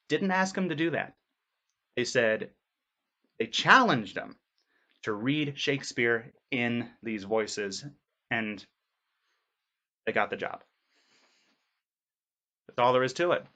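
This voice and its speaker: A man's voice: mid-range voice, lively intonation, takes it slowly, pauses often, bright, forceful tone. A man voice actor talking casually in a vlog, rambling with many fillers in an earnest way. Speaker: voice actor vlogger.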